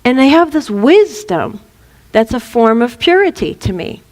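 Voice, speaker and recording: A woman's voice: on the high side, measured pace, in a large hall. A woman, a reverend, giving an informal spiritual talk, telling stories and acting out quotes playfully. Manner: animated storytelling with playful acted-out quotes.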